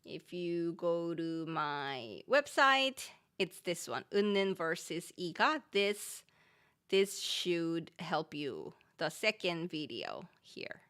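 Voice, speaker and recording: Korean-accented woman teacher, live q&a, patient explaining, laughs easily, animated pitch. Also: takes it slowly, clear, resonant tone. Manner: explains patiently, reads viewer questions aloud, laughs often. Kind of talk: live-stream Q&A lesson.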